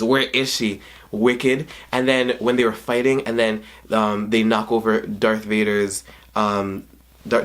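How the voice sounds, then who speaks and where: A gushing young man in his twenties rambling through an excited movie review. He talks at a middling pitch, keeps restarting his sentences and hopping from one point to the next. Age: 20s. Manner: emotional, near tears at times. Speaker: vlogger.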